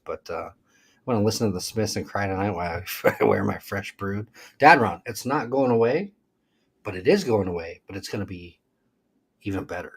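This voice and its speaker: A low, husky man chatting loosely on a livestream. He jokes, rambles and reads the chat aloud in an easygoing way. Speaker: livestream co-host. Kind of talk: casual live-stream chat.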